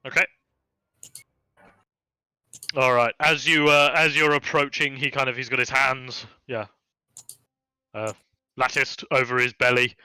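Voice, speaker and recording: Bright-voiced male game master. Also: mid-range voice, moderate pace, clear, resonant tone, dry recording, rough recording. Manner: relaxed, chatty, many fillers. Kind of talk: narrating a tabletop game.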